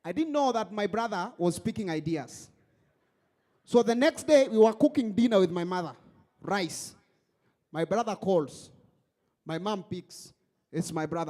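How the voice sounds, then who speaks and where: A man hosting a stand-up comedy show on stage, animated and mixing English with Swahili. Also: sits high, measured pace, long pauses.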